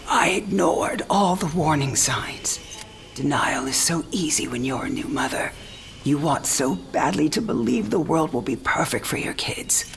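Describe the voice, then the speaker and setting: A woman's voice: low voice, lively intonation, a little slow, vocal fry, soft background music, full character voice. An actress playing a dying old woman who talks frankly, teasing and tender by turns. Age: older. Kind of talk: game cinematic voice acting.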